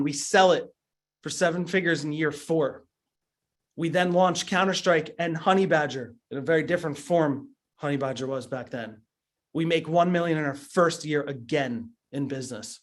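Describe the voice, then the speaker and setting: A man's voice: fairly high pitch, normal speed. Earnest man with stammered restarts. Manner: earnest, emphatic storytelling with frequent stammered restarts. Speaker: motivational business trainer. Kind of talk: motivational talk.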